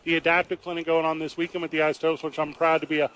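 A man hosting live sports radio from a ballpark, brisk and playful, teasing himself. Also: on the high side, little pitch movement, a bit bright. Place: table at a ballpark, live broadcast.

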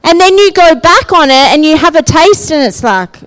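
A woman's voice: high-pitched, lively intonation, moderate pace, few pauses, low-quality recording. A woman giving a sermon in a conversational way, often asking her listeners "right?" and "yeah?". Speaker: preacher.

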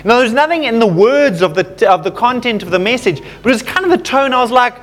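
A man with a notably high voice delivers a sermon to a congregation. He talks casually, with plenty of fillers, and turns personal stories into gentle lessons. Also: expressive, fast talker. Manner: conversational, self-deprecating storytelling with fillers. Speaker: pastor.

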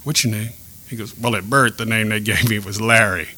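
A man's voice: on the low side, steady tone, sharp tone, husky. Earnest man telling a faith story. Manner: earnest, reflective storytelling with pauses and restarts. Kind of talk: personal testimony in a podcast chat.

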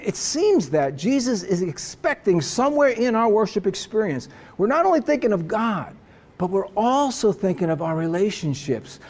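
A man preaching a sermon as pastor, earnest and emphatic, slowing down for dramatic pauses. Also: high voice.

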